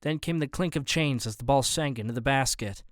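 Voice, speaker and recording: Brief: male audiobook narrator, mid-range voice, smooth and resonant, measured first-person read, dry studio. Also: medium pitch, dry recording.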